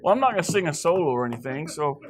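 A man's voice: a little high, expressive, racing. Joking man preaching a sermon. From Wyoming. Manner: rambling, joking asides before reading scripture. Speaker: guest preacher. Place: church.

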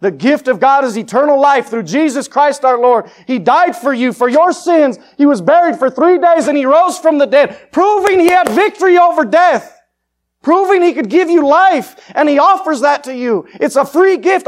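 Fiery high-voiced male preacher. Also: lively intonation, normal speed. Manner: fiery, confrontational, swings from loud to hushed. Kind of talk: evangelistic sermon.

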